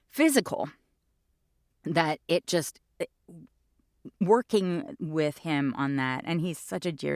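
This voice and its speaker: A woman in her fifties, a stage actor being interviewed, telling stories in a lively, rambling way. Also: sits low, creaky, no echo, clean studio sound. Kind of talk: casual interview chat.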